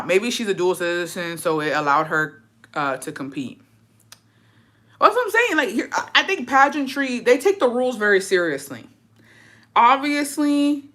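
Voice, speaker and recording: A woman's voice: mid-range voice, pushed and bright. A young woman hosting a casual gossip chat, ranting with plenty of swearing and rhetorical questions. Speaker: host.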